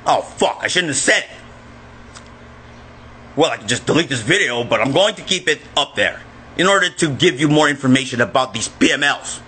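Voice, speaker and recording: A man filming himself in an agitated, profane rant that often breaks into shouting. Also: medium pitch, lively intonation, fairly quick, a little hiss or hum. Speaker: vlogger. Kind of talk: angry self-filmed rant.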